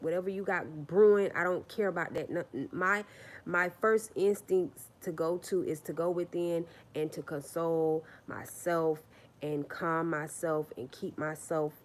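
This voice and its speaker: A lower-pitched woman talking straight to her viewers on a casual livestream. She is blunt and emphatic and swears freely. She drives each point home by repeating her phrases. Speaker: livestream host.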